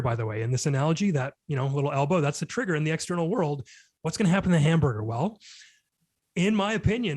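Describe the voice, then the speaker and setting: A middle-aged man speaks as a guest on a casual podcast. His voice sits a touch higher than most men's. He explains himself with lively, vivid analogies. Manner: animated, uses vivid analogies.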